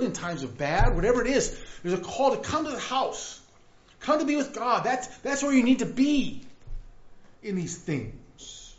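A man preaching a sermon in a lively, conversational way, often checking in with "right?". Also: high-pitched. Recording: echoey room, dull lo-fi sound.

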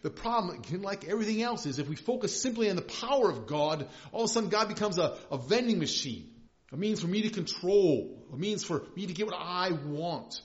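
A man's voice: sits high, lively intonation, a little fast. Conversational male pastor preaching. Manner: conversational, emphatic, with frequent restarts. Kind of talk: sermon. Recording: slightly dull lo-fi recording.

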